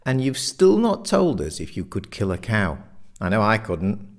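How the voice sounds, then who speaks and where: A man voicing Richard, a quiet friend at the pub who questions the others. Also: fairly low pitch, huge pitch swings, normal speed. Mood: questioning. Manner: probing, argumentative.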